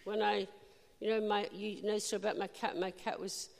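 A woman preaching a sermon, telling a personal story with lively, animated delivery and bursts of laughter. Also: mid-range voice, normal speed, creaky, in a large hall.

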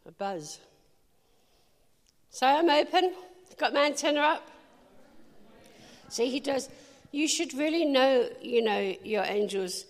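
A woman with a fairly high voice preaches a sermon full of anecdotes. Her delivery is lively, with quick asides to the listeners. Her voice carries with a long reverb through a large meeting hall. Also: creaky.

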